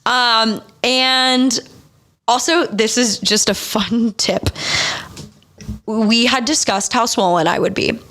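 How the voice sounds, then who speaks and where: A woman's voice: on the high side, fairly even intonation, slow pace, fairly bright tone. A young adult woman hosting a podcast, telling a personal story in a candid, profane, casual way. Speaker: podcast host. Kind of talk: casual confessional chat.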